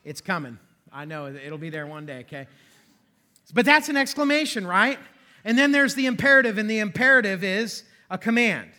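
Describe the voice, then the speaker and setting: A man's voice: sits high, animated, normal speed, bright, forceful tone. A male pastor preaching a sermon in a church, conversational and self-deprecating, with joking asides. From western Pennsylvania. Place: church sanctuary.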